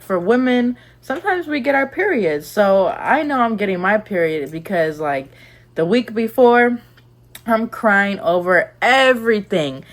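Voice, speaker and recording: A young woman giving candid, chatty advice in a casual vlog, rambling with lots of "like"s. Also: medium pitch. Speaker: lifestyle vlogger.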